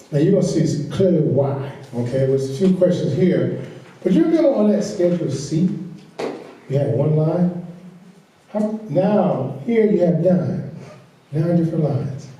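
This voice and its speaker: A man with a Southern drawl and a mellow, fairly high voice teaches a farm tax workshop, speaking a little slowly with lively intonation. Folksy and quick to laugh, he repeats his key points in this financial training lecture. A distant mic in a large, echoey meeting room picks him up with slight background noise.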